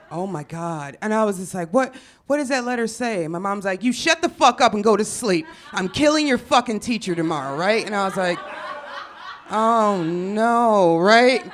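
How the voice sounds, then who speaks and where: A young woman from Chicago telling a funny story on stage, profane and animated, acting out the people she quotes. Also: mid-range voice. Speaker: storyteller comedian. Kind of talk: live comedic storytelling.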